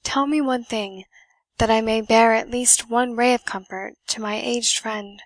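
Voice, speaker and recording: A woman voicing an earnest young gentleman who speaks solemnly and commandingly. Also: fairly high pitch, fairly even intonation, measured pace, dry recording.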